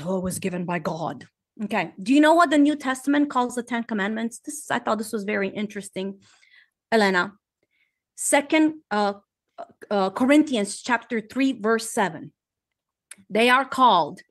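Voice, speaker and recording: Woman, high voice, online panelist; reads verses, builds to emphatic indignation. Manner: reads scripture aloud, grows heated and emphatic.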